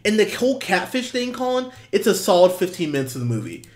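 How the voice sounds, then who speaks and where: Very animated and quick, this film reviewer co-hosts a movie podcast in casual, exasperated chat loaded with swearing and restarts. He mimics quotes in high-pitched, mocking voices.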